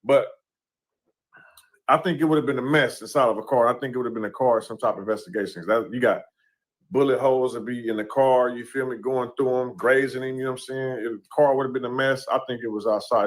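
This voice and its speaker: A man in a clip talking through a court case in a loose, casual way, leaning on filler questions as he goes. His voice sits at an ordinary middle pitch. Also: fast. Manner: talks it through loosely, "you know what I'm saying". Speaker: commentator in a played clip.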